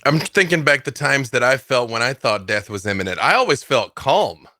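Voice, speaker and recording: A man's voice: medium pitch, animated, moderate pace, sharp tone, no room sound, clean studio sound. A male interview host in casual chat, joking and reassuring, often repeating his phrases.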